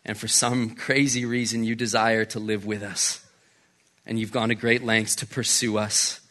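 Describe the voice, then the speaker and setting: Bright-voiced male pastor preaching. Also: lowish voice, flat delivery, moderate pace. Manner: conversational, keeps asking "right?". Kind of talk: sermon.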